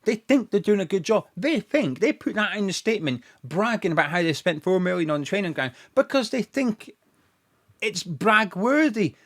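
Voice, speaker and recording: A young man with a high voice speaks at normal speed as host of a football fan show. He delivers a sarcastic, mocking and animated rant about his club's owners, full of mock quotes.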